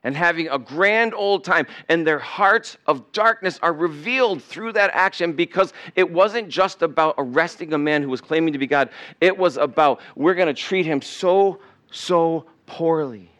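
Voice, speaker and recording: A man's voice: on the high side, moderate pace, a bit bright. A male pastor preaching a sermon in a conversational way, now and then acting out the people in the story. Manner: conversational preaching, acts out quoted voices. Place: church sanctuary.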